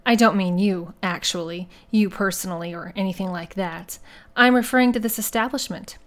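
A woman's voice: mid-range voice, normal speed, lightly acted. A woman doing a giggly rich-twit man. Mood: silly. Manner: soft-spoken, giggly, rambling. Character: male detective posing as a giggly rich twit. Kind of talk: audiobook character voice.

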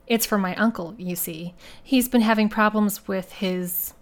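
A woman voicing a male detective posing as a soft-spoken, giggly rich twit in an audiobook. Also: mid-range voice, a little slow, lightly acted. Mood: silly. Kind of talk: audiobook character voice.

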